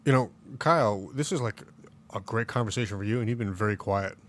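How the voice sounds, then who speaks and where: A man's voice: fairly low pitch, a little fast. A man hosting a casual sports podcast, opinionated and rambling, full of fillers and restarts. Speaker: podcast host. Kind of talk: casual chat.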